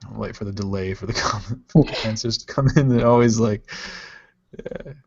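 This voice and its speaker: A man from Ohio hosts a live-stream podcast, chatting casually and playfully reading viewer comments aloud. His voice is fairly low and a little mellow, slightly rough, and he talks fairly quickly. The stream audio is dull and lo-fi.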